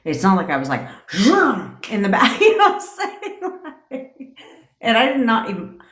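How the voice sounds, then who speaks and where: A woman's voice: a little high, wildly swooping pitch, moderate pace, fairly bright tone. A woman in her forties, a manifestation coach, telling a story on a livestream in a blunt, profane way, laughing often. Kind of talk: casual storytelling rant on a livestream. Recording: roomy echo.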